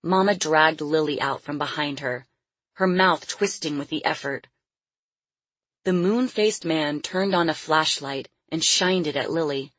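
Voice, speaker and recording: A woman narrates a storybook in a low, husky voice, measured and expressive. Her voice sounds close and dry, with no room around it. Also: dry recording. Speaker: audiobook narrator.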